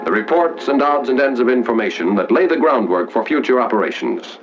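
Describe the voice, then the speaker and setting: A man's voice: mid-range voice, sing-song. Formal 1940s newsreel narrator, man. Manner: measured, formal announcer delivery. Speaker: documentary narrator. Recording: dull 1940s film soundtrack with music.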